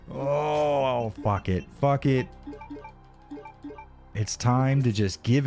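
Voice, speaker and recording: A man's voice: medium pitch, very slow, pauses often, mellow, soft background music. A man streaming a video game in casual live commentary, frustrated and swearing constantly, sometimes dropping to a whisper. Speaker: livestreamer playing a video game.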